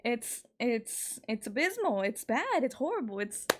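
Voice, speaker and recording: Her delivery is sing-song and measured as this woman in her twenties streams from home, casually telling a personal story. Candid and fed up, she swears liberally and rises sharply in pitch when indignant.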